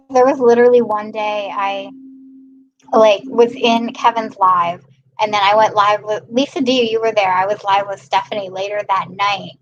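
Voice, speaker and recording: A young woman from Maryland chats casually on her livestream, reading out viewer comments and laughing often. Her voice sits a little high. The audio is a bit dull, with a faint hum behind her. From Maryland, USA. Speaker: livestream host.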